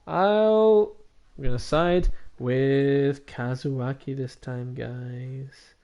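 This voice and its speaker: A man's voice: mid-range voice, drawn-out words, dark tone, highs cut off. Chatty man streaming a game. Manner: chatty, self-mocking asides. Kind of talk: casual let's-play commentary.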